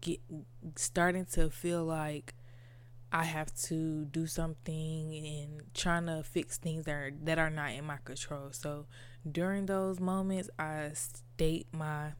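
A woman's voice: deep voice, clear, resonant tone. A woman podcast host talking casually and candidly about her inner life, with lots of "like" and "you know". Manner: reflective, candid, many fillers like "like" and "you know". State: tearful at times. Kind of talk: casual personal monologue.

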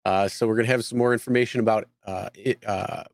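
A man's voice: lowish voice, fairly even intonation, fast talker, gravelly, no room sound. Rambling male co-host, dry close sound. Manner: rambling, many fillers and restarts. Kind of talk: casual live show chat.

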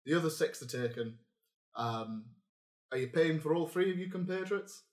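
A man's voice: on the high side, expressive, normal speed, echoey room, natural voice. A man voicing a blunt, jovial male halfling barkeep with a Northern English accent, dropping words and calling people lad. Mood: gruff.

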